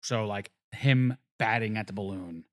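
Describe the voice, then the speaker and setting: A man with a fairly low voice talks through film details in a casual conversation. He explains patiently, pausing on fillers as he gathers his thoughts. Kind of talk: casual chat.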